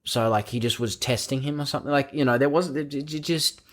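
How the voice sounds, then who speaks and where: A man's voice: medium pitch, fast talker. A man co-hosting a podcast, chatting casually about a film, rambling and swearing often with bursts of laughter. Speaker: podcast co-host. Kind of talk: casual film review chat.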